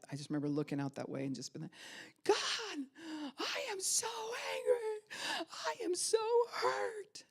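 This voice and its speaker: Low-voiced woman pastor preaching. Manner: dynamic storytelling, swinging from loud emphasis to hushed whispers. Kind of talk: sermon.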